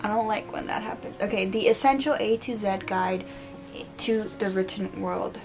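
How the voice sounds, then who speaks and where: Her medium-pitched voice is gravelly and a little mellow, at normal speed, over faint background music. A weary French-accented book vlogger, she unboxes books at home with books scattered on the floor, making jokes about herself and stumbling as she talks.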